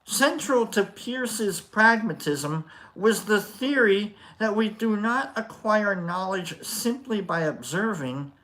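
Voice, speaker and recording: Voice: mid-range voice, fairly bright tone. A stream host reading a philosophy book aloud, stopping to repeat and stress phrases and to make jokey asides to the chat.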